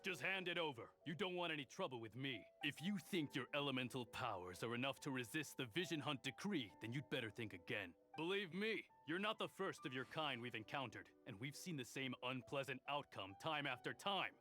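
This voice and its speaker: A smug enforcer guard in a video game who delivers threats in a sharp, forceful voice. The game's music plays faintly behind him. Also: male voice, mid-range voice, animated, a little fast, few pauses. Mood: threatening. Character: menacing adult male enforcer guard.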